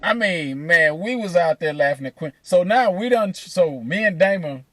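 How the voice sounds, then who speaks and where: A man telling a profane, animated story, laughing between lines. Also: sits high, moderate pace, no room sound. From Atlanta, USA. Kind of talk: casual storytelling.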